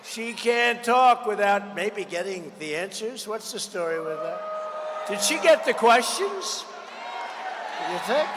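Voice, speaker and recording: A man in his seventies giving a combative, repetitive campaign rally speech in a large indoor expo hall, riffing off the crowd. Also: high-pitched. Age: 70s. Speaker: political candidate. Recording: long reverb in a big hall, faint noise.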